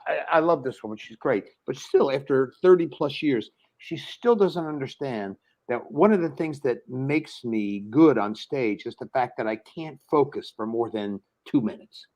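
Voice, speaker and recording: A middle-aged man, a comedian, telling stories on a live video call show, animated and acting out quoted voices with stammering restarts. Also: medium pitch, normal speed, hardly any pauses. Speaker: guest co-host comedian.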